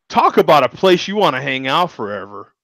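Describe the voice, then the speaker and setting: A lively man hosting a casual beer chat over a video call, his pitch swinging widely as he gets excited. The sound is dry and close, with no room around his voice. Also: no echo. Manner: animated and excitable, peppered with "dude" and "man". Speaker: host.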